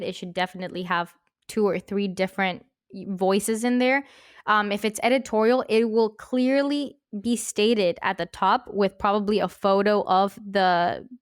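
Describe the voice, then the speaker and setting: A woman journalist co-hosting a podcast, talking in passionate rushes with many fillers. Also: medium pitch, clear, resonant tone, dry recording, clean studio sound. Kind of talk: casual chat. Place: recorded podcast studio.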